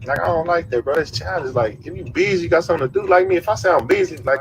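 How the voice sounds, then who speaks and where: A man's voice: a little high, fast talker, hardly any pauses, roomy sound. Man retelling a story, distant mic. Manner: retells events, acting out quoted dialogue. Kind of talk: casual storytelling. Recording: distant mic with faint background noise.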